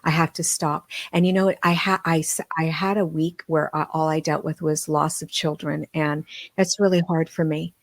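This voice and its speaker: Low-voiced earnest woman telling stories. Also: level tone. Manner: earnest, heartfelt, halting restarts. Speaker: podcast guest, medium and author. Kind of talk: emotional personal storytelling.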